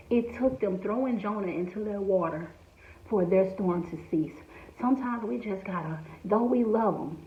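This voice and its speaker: A woman giving an informal devotional message in a conversational way, with frequent asides to the listener. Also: mid-range voice. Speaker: devotional speaker. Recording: echoey, tinny phone-like sound.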